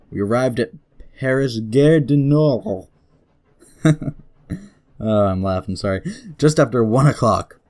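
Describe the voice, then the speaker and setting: A man playing a story game, reading its text aloud and chuckling, then dropping quick casual asides. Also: medium pitch, a little mellow. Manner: giggly, laughs often while reading; reads story passages slowly, then mutters quick asides. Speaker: let's play gamer.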